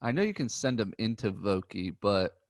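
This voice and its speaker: A man co-hosting a golf podcast, talking in a relaxed, chatty way with frequent ums. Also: on the low side, normal speed. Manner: relaxed, chatty, says um often. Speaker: podcast co-host. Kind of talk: casual chat.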